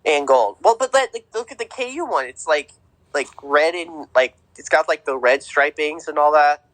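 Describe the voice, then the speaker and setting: A man's voice: fairly high pitch, animated, normal speed, fairly bright tone, dry recording, low-quality recording. A young man co-hosting a podcast, chatting casually about sports with a rambling, filler-heavy way of talking. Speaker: podcast co-host.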